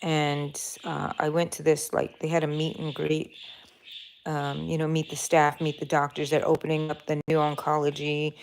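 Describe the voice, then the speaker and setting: A woman's voice: sits low, completely flat delivery, normal speed, creaky, a little hiss or hum. An older woman hosting a home craft livestream, chatting in a rambling, casual way and answering her viewers. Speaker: crochet livestream host. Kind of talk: casual chat while crocheting.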